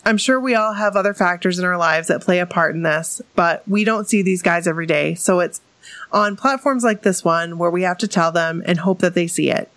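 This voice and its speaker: A woman from New England co-hosting a podcast, reading listener stories aloud and chatting casually, enthusiastic and quick to laugh. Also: lowish voice, a bit bright, no echo.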